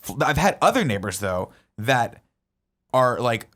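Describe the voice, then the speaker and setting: A man's voice: mid-range voice, big pitch swings, a little slow, fairly bright tone. A man, a podcast co-host, telling a heated story in casual chat and swearing a lot.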